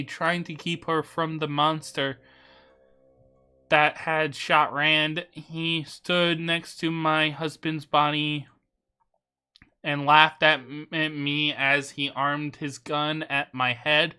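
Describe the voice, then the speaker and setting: A man's voice: on the high side, little pitch movement, takes it slowly, bright, forceful tone, clear, resonant tone, exaggerated voice. A man voicing a grieving young widow from a video game, telling her story in an earnest, sorrowful way.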